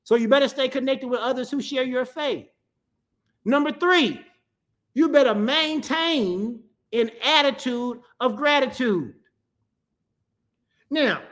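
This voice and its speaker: A woman's voice: high-pitched, fairly bright tone. A middle-aged woman pastor preaching a sermon and calling for responses from the congregation.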